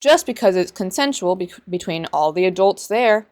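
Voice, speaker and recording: A woman's voice: on the low side, expressive, moderate pace, a little mellow, a little hiss or hum. A woman giving reaction commentary, sarcastic and ranting as she picks apart what she has watched.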